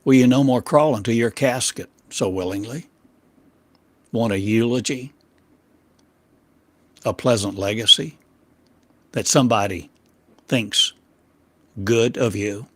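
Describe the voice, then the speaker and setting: Unhurried and leaving long pauses, a man delivers a channeled sermon as a spiritual teacher, posing rhetorical questions in short, broken phrases that shift from loud emphasis to quiet low drops. No room sound is audible.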